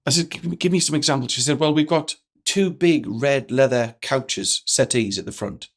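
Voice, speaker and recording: A man, a guest telling stories in a lively way and acting out the lines of the people in them. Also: mid-range voice, normal speed. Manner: energetic, acts out quoted dialogue. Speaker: guest speaker. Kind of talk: animated storytelling in a podcast interview.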